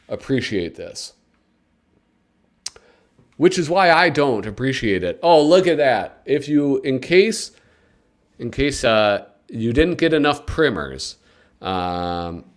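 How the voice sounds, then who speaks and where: A man hosting a casual live stream, chatting with viewers and joking as he reads a comic magazine aloud. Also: lowish voice. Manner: animated and joking, with sudden excited yelps; talks to chat viewers.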